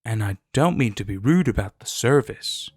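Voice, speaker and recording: A man's voice: lowish voice, animated, normal speed, a little mellow, breathy edge, no echo, clean studio sound, pitched below the performer's own voice. A man voicing an eerie, polite middle-aged stranger sitting in a diner. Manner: politely complaining.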